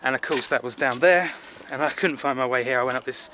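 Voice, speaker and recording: A chatty man from England talks into his camera outdoors in a city, rambling and poking fun at himself with plenty of fillers. His voice is bright and a little tense. A faint hum of urban noise sits behind him. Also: medium pitch, fast talker. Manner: chatty, rambling, self-deprecating with filler words. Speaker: travel vlogger. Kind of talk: casual rambling travel vlog.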